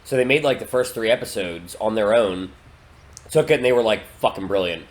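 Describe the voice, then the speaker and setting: A man co-hosting a casual podcast chat, an animated storyteller who swears freely. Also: fairly low pitch, brisk. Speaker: podcast co-host.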